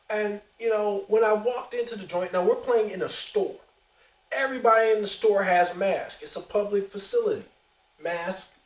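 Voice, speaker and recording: A man hosting a casual storytelling podcast, animated and profane in a conversational way. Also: high voice. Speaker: podcast host. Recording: roomy echo, distant mic.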